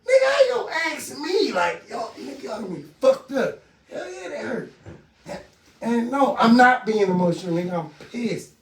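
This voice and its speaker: A man's high voice jumps all over the place as he grieves, raw and full of swearing, swinging between laughter and tears with his voice breaking. He sounds set back from the mic in an echoey room. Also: very animated, normal speed, far from the mic. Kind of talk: emotional group conversation.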